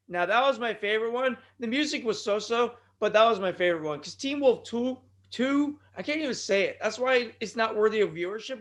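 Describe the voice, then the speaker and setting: Male podcast host, high-pitched voice, rambling and digressive, bursts of shouting, scratchy throat. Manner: digressive, with sudden loud outbursts. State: throat bothering him. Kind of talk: rambling solo podcast talk.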